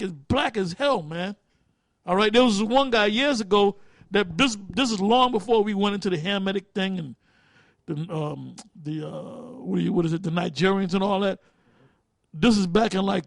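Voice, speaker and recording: A man with a high, lively voice preaches to his group in blunt, profane street talk. He often stalls mid-sentence hunting for a word, then presses on. The sound is dry and close. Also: vocal fry, dry recording. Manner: loses words and restarts while thinking aloud. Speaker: teacher leading a group study.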